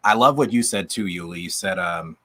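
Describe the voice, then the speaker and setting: A man's voice: sits low, brisk, a bit bright. A man, a coach, chatting enthusiastically on a group video call, his voice going out. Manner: upbeat, enthusiastic, rambling with restarts. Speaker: coach, channel guest.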